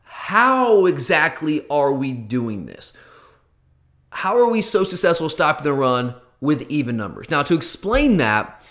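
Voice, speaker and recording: Male podcast host, somewhat high voice, earnest solo explainer who circles back and repeats points. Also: big pitch swings, measured pace, a bit bright. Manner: earnest, repeats himself, talks directly to listeners.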